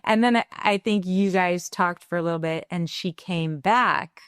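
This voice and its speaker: Candid parenting podcast co-host, female; animated storyteller with a smooth, clear voice. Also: on the low side, unhurried, no room sound, studio quality. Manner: animated, acts out quoted dialogue; reflective and candid. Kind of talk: conversational storytelling.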